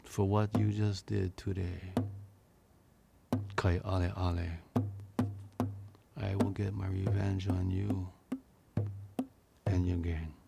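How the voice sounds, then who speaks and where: A stubborn, determined boy presses his case in Hawaiian Pidgin, in a male storyteller's voice. The delivery is slow and gravelly, with a soft music bed behind. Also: sits low, little pitch movement, exaggerated voice. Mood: vengeful. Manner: insistent, nagging.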